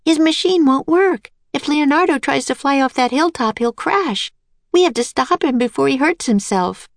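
An eager, caring young girl from a storybook, crying out in a high, urgent voice, as a woman reads her part. The sound is dry and close, with no room around it. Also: lively intonation, normal speed, dry recording. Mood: worried.

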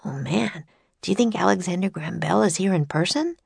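A woman doing a soft, cautious young boy. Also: lowish voice, lively intonation, brisk, vocal fry, husky, dry recording, heavily acted. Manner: quiet, hesitant, soft. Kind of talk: storybook character voice.

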